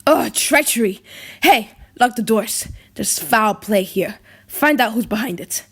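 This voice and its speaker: A woman's voice: on the high side, animated, measured pace, fairly bright tone, husky, heavily acted. A woman reading the lines of a bitter young prince in an audiobook drama, wry and cutting.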